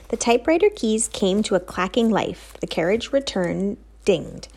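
Brief: woman reading an audiobook, lively pitch, slightly gravelly. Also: moderate pace. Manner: expressive, storytelling. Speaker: narrator. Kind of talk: audiobook narration.

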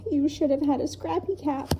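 A woman's voice: high voice, steady tone, moderate pace, warm tone, a little hiss or hum, pitched above the performer's own voice. A woman voicing a tender, emotional young girl in a storybook reading, speaking in a pleading way. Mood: tearful.

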